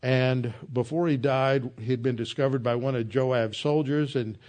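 A man's voice: medium pitch, steady tone, a little slow, darkish tone. Earnest man preaching a Bible sermon. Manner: emphatic, earnest teaching.

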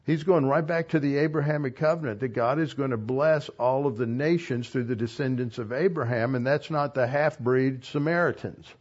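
A man giving an expository sermon as a Bible teacher. He reads a passage, then pauses to explain it. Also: medium pitch, a little mellow, muffled recording.

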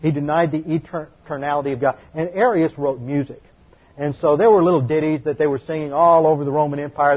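A man leads a Bible study lecture in a slightly raised, breathy voice. He explains step by step and leans hard on the words he wants remembered. The recording sounds dull and lo-fi. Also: a little high, fairly even intonation. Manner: explanatory, emphatic, slows to stress key words. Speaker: Bible teacher.

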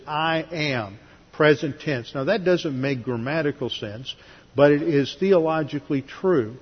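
A man's voice: medium pitch, husky. A man teaching a Bible class in a methodical way, walking through verses with dry asides, in a church sanctuary. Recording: lo-fi recording, long hall reverb.

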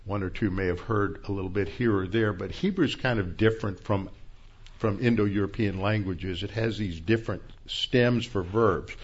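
A man's voice: on the low side, moderate pace, breathy edge, lo-fi sound. A man preaching an expository sermon, working methodically through Bible verses and the Greek and Hebrew terms behind them. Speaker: pastor.

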